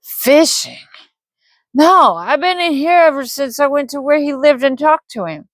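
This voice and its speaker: A woman voicing a drunk, grieving, hostile older man with a raspy, slurred voice. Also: high voice, animated, unhurried, no echo, studio quality, voice pushed up. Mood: angry drunk.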